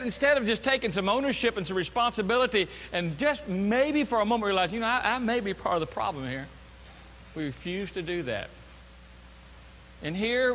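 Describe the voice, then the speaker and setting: A man preaching a sermon as pastor, animated and acting out the voices of the people he quotes, in a church sanctuary. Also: high voice, in a large hall, slight background noise.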